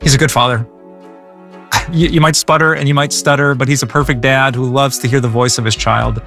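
A man's voice: medium pitch, steady tone, a little fast, creaky, a bit bright, faint music behind. A male pastor giving a conversational sermon in an earnest way, often repeating words as he goes.

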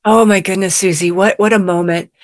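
A woman's voice: medium pitch, steady tone, a little fast, no room sound. Woman radio guest, earnest faith storyteller, close dry studio sound. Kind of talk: emotional personal testimony.

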